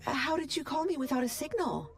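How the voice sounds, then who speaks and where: A woman voicing an anxious young woman who speaks higher and breathier, tender and emotional. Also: lively intonation, moderate pace, a little mellow, faint music behind.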